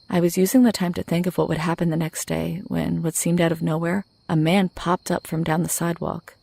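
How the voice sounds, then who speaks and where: A woman narrating a horror story in the first person, in a measured, low-key way. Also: gravelly, darkish tone, no echo.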